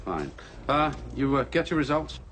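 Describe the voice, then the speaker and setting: An actor playing a dry, weary middle-aged police chief in a TV drama. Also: male voice, medium pitch, big pitch swings, normal speed, a bit bright, slight background noise. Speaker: senior police officer. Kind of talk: 1980s British TV drama.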